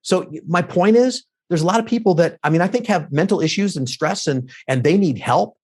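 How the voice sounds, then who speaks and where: Middle-aged male commentator guest, talks fast and lively, acts out the quotes he tells. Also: high voice. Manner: quick, animated storytelling with acted-out quotes. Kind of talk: casual interview chat.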